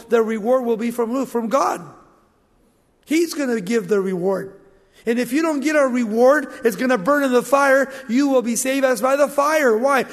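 A man's voice: high voice, in a large hall. A middle-aged man, a pastor, preaching a sermon, asking rhetorical questions and joking with the congregation.

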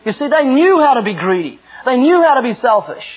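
A man's voice: very high-pitched, sing-song, a little fast, husky. A middle-aged man preaching an earnest, emphatic sermon with personal stories. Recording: dull lo-fi recording.

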